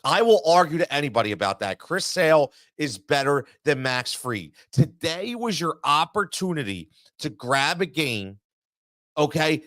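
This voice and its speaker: A man's voice: on the high side, a bit bright, no echo, clean studio sound. A man hosting a sports talk show, ranting in an exasperated monologue full of repetition and stammering restarts.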